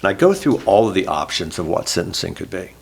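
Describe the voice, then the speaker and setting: Interview guest, middle-aged man from Oklahoma, low voice, emotional and open. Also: sing-song, fast, vocal fry, slightly rough. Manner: emotional, candid storytelling, close to tears. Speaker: interview guest, former state senator. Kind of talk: oral history interview.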